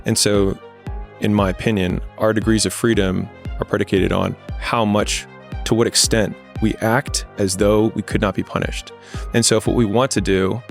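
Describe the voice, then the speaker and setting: A man's voice: fairly low pitch, vocal fry. A man in a candid podcast conversation, talking in a blunt, plainspoken and reflective way.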